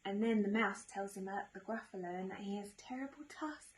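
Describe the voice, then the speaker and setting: A woman teaching young children, drawing and retelling a story in a gentle sing-song way with many tag questions. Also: medium pitch, a little fast, hardly any pauses, a little hiss or hum, rough recording. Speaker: nursery teacher.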